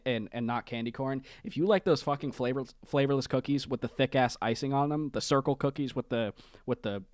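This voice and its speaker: A podcast host on a call, chatting casually, animated and profane, laughing often. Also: medium pitch, no echo, clean studio sound. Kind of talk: casual chat.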